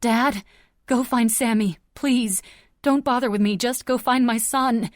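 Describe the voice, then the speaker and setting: A woman's voice: fairly high pitch, a little slow, no room sound, voice pushed up, natural voice. Woman as hurt heroine, desperate and pleading, strained, dry audiobook read. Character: injured young woman, desperate daughter.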